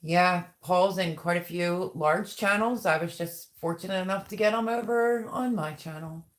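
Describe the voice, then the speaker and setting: A woman runs a casual live stream at a moderate pace, her voice lowish. She greets viewers by name and chats as she reads through their comments.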